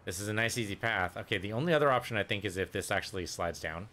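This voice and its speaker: A man's voice: fairly low pitch, fast, pushed and bright. A man casually commenting on his own gameplay, thinking aloud and muttering to himself as he plays. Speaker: let's play gamer.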